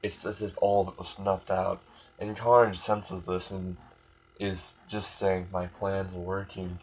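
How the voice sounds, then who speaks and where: A man's voice: deep voice, level tone, unhurried, breathy edge. A man casually retelling a fan story, rambling along with fillers and restarts. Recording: muffled lo-fi recording.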